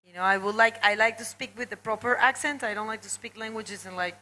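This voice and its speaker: A woman's voice: on the high side, quick pace, low-quality recording. A woman doing live bodyboarding commentary, chatting and greeting viewers. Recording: loud crowd behind.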